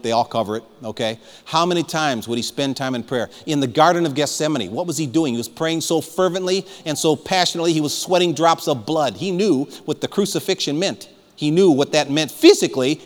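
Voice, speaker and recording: A man preaching a fiery sermon as pastor, rising to shouts and calling for amens. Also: fairly high pitch. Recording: long hall reverb.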